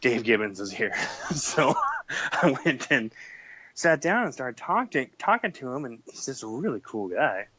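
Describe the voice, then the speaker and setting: A man's voice: mid-range voice, very animated, unhurried, pushed and bright. Chatty man with lots of "uh"s. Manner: chatty, with many fillers and laughs. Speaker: podcast guest. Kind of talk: casual chat. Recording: dull lo-fi sound.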